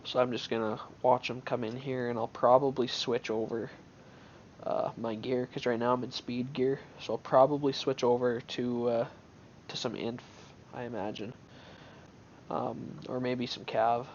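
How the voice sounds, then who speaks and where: A man's voice: mid-range voice, flat delivery, measured pace, dull audio, a little hiss or hum. A man giving casual gameplay commentary on his own match, thinking aloud in an offhand way with many restarts.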